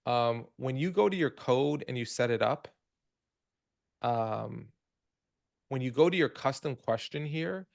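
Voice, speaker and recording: A man's voice: mid-range voice, lively intonation, a little slow, gravelly, pauses often, darkish tone. A man hosting a webinar Q&A, explaining features in a casual, conversational way and walking through the steps one by one. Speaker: host of a product Q&A webinar.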